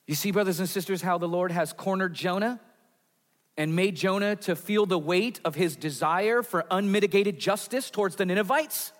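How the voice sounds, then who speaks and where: A man preaching a sermon in a church, earnest, with dramatic drops in pitch and volume. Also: moderate pace. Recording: reverberant hall.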